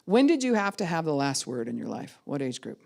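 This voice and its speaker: A middle-aged woman pastor giving a sermon, animated and acting out the voices of the people she quotes. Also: low voice, a little fast, creaky. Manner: animated, acts out quoted voices of kids and adults.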